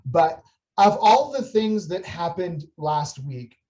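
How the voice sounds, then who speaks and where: A young adult woman telling a funny story in a casual church chat, animated and laughing, with many restarts. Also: fairly low pitch, slow pace, highs cut off. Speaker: church staff member on a video chat.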